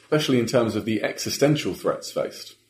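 A man's voice: lowish voice, animated, a little fast, slight background noise. A man hosting an interview, asking attentive, prompting questions. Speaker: podcast host. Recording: roomy echoey room.

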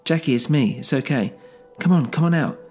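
A fierce, grief-driven woman snapping out orders, as a man puts her on, his low, gravelly voice pushed higher and harder, with a ring. Music hums faintly underneath. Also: measured pace. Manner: forceful, commanding. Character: fierce, desperate woman, grieving her brother.

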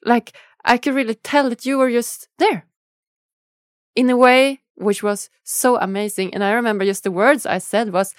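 A woman's voice: on the high side, moderate pace, no echo, studio quality. A woman hosting a podcast in casual interview chat, talking earnestly and emotionally, with many fillers. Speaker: podcast host.

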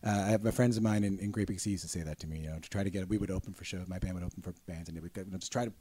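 A man's voice: low-pitched, fairly even intonation, racing, mellow, slight background noise. A man hosting a podcast, chatting casually with teasing, jokey banter. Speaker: podcast host. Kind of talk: casual chat.

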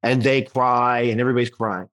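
Talking a little fast in a mid-range voice, the comedian guest from Newfoundland, Canada, relates a story. He animates it by acting out each voice in the easygoing chat.

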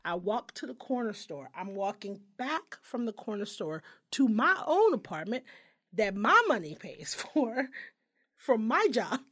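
Animated, profane woman storyteller. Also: fairly high pitch, measured pace. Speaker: podcast co-host. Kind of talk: casual chat.

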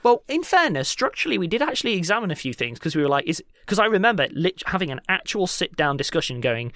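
A man co-hosting a casual podcast Q&A, animated and teasing, quick to laugh. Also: high-pitched, no echo. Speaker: podcast co-host.

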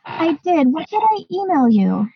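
A woman co-hosting a podcast, chatting casually and excitedly with lots of fillers. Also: high-pitched, moderate pace, gravelly, no echo, dull audio. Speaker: podcast co-host. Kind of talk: casual chat.

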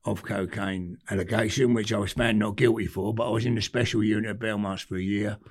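Older London geezer, raspy gravel voice, animated storyteller on a podcast. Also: male voice, on the low side, a little fast. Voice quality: gravelly, husky. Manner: animated anecdotes, cockney slang, swearing. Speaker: podcast guest, former gangster. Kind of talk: casual storytelling.

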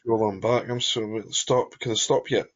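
Low husky Scottish man rambling. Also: fairly even intonation, normal speed. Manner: rambling, many fillers and restarts, chuckling. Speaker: podcast co-host. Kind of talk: casual football chat. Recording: dull lo-fi podcast audio.

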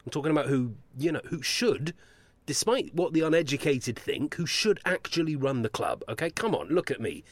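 An actor playing a smug, posh, arrogant football club chief executive in a comedy audio drama, sweary and gloating. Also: male voice, a little high, very animated, moderate pace, no room sound. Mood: boastful.

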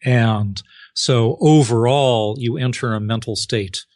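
A man answering as a guest expert in an interview, explaining clearly and acting out short examples with exclamations. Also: medium pitch, slow pace, no room sound. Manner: lively, acts out examples with exclamations.

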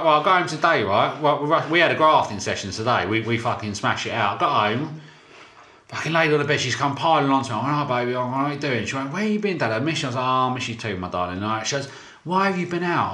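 A man, co-hosting a podcast and telling stories with lots of swearing and quick restarts. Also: mid-range voice, expressive, pushed and bright. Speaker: podcast co-host. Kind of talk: casual banter. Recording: echoey room, faint noise.

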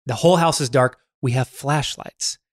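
A male podcast co-host with a medium-pitched voice chats casually at normal speed, telling stories in an animated way. He acts out quotes and laughs often.

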